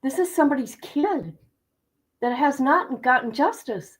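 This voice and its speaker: A woman's voice: high voice, expressive, a little slow, rough recording. A woman hosting a true-crime livestream, talking indignantly and directly to her viewers. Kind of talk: heated livestream commentary.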